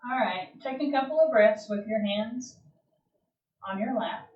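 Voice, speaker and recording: A woman teaching a yoga class, giving slow, calm, gentle cues with long pauses between them. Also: fairly high pitch. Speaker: yoga instructor. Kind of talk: guided yoga class instruction. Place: home or studio room, livestream. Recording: roomy, distant, dull livestream audio.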